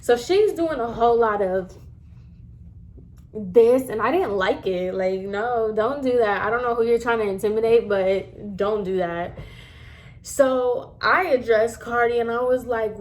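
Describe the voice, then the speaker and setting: A woman in her twenties telling a casual story to camera, animated and emphatic as she acts out scenes. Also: on the high side, measured pace.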